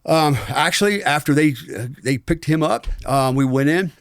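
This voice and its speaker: A man's voice: on the high side, moderate pace, dry recording, clean studio sound. A middle-aged American man, a former special forces soldier, telling war stories as a podcast guest in a frank, rambling way with many fillers. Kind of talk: storytelling in a conversational interview.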